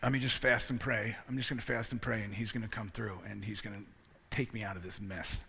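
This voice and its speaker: Male preacher, gravelly and husky, personal testimony rising to emphatic sermon delivery. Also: on the low side, fairly even intonation, a little fast. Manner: personal story building to loud, emphatic preaching.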